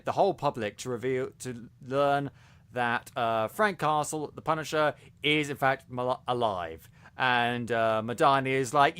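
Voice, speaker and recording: A man's voice: medium pitch, a bit bright, smooth. A man co-hosting a podcast, reviewing a series in casual chat, talking animatedly with many restarts and stumbles. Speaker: podcast co-host.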